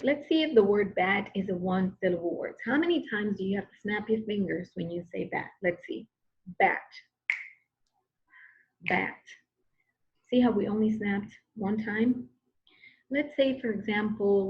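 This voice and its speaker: A woman's voice: medium pitch, highs cut off. A woman teacher giving a recorded grammar lesson, patient and repetitive, often checking in with "okay?".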